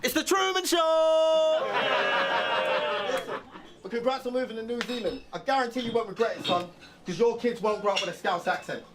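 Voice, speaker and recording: A man's voice: high-pitched, quick pace. A man performing a battle rap verse, mocking his opponent with punchy bars and laughing between lines, from a noisy clip. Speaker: battle rapper.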